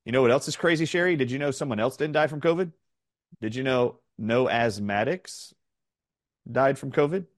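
A man's voice: mid-range voice, no room sound. Middle-aged southern-raised guy, emphatic, fires off questions, dry close sound. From southern United States. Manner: rapid-fire questioning, emphatic. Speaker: interview guest. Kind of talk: animated storytelling in an interview.

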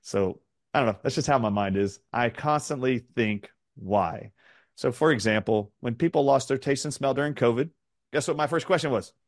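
A man's voice: mid-range voice, dry recording, clean studio sound. A middle-aged man from the southern United States, an interview guest telling stories in an emphatic, questioning way. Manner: rapid-fire questioning, emphatic. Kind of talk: animated storytelling in an interview.

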